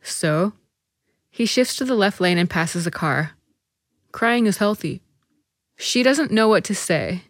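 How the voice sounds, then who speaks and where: A woman reading a short story aloud as narrator, measured and even. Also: fairly low pitch, no room sound, clean studio sound.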